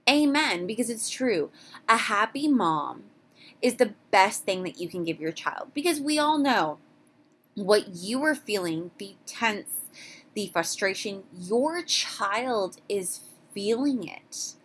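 A woman's voice: medium pitch, lively intonation, takes it slowly, a bit bright, husky. A young woman talks on her own podcast in a loose, candid way. She rambles and stumbles over her words, backs up and starts her sentences again. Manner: candid, rambling, frequent restarts. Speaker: podcast host. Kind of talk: casual solo podcast talk.

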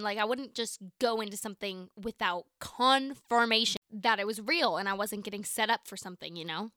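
Bright-voiced chatty nineteen-year-old woman. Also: a little high, no room sound, clean studio sound. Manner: chatty, animated, lots of "like" and quoted dialogue. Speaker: podcast host. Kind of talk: casual storytelling.

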